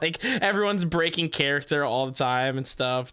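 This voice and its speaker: A man's voice: a little high, lively intonation, pushed and bright, clear, resonant tone, no room sound. Easygoing young man, dry close sound. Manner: easygoing, agreeable, quick to laugh along. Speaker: podcast co-host. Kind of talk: casual chat.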